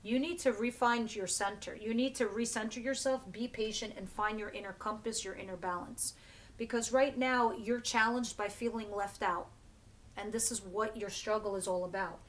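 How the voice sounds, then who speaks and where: Her voice is medium in pitch, fairly even in intonation and a bit bright, moving at a moderate pace. Reading tarot casually for her channel, this woman is blunt and talkative, often restarting phrases, using fillers and correcting herself.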